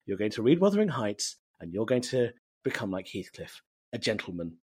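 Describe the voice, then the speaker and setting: A man quoting his strict mother as she lays down the law to her son, in a slightly lowered voice. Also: big pitch swings, fairly quick, a little mellow, breathy edge. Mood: stern.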